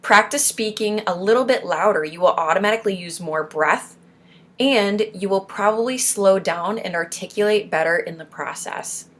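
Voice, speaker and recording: A woman's voice: medium pitch, moderate pace, fairly bright tone. A young woman from Florida reads through speech exercises and adds encouraging asides as a support group host. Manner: encouraging, pep-talk asides between read points. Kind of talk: reading and commenting on speech exercises.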